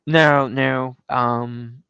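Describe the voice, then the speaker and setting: A man as a podcast guest, chatting in a relaxed, agreeable way. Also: medium pitch, very slow, vocal fry, clear, resonant tone, no room sound, lo-fi sound. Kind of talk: casual chat.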